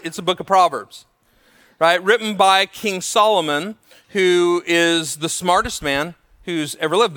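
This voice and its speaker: A male pastor preaching a sermon, telling stories in an animated way and acting out the voices of the people he quotes. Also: fairly high pitch, big-room sound.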